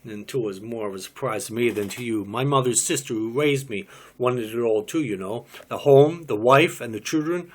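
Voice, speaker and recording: Dry, sardonic gay young man, quiet and understated, as a male reader plays him. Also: medium pitch, fairly quick, lightly acted. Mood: wry. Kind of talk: cold reading of a stage play.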